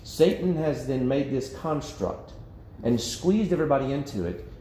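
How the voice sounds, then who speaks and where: In a church meeting room, a man runs a Bible study in a relaxed, chatty style, acting out quotes and laughing frequently. His medium-pitched voice is warm and animated, and his pace is moderate. The recording is echoey, with faint background noise.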